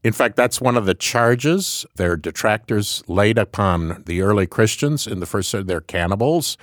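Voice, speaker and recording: A man's voice: deep voice, no room sound, studio quality. A man co-hosting a radio Bible program, explaining passages in a reflective, conversational way.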